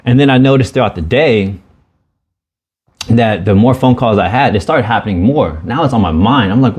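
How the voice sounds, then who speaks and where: A man's voice: on the low side, moderate pace, darkish tone, breathy edge. Earnest, confessional man on a podcast. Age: adult with children. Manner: earnest, confessional, swears freely. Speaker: podcast co-host. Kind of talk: candid podcast conversation.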